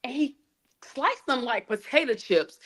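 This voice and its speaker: A woman with a fairly high voice, speaking as a mother in a live interview. She talks in a halting, heartfelt, colloquial way, circling back and restarting as she remembers. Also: lively intonation, fairly bright tone, breathy edge. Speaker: mother of the deceased, guest. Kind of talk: emotional personal testimony in a live interview.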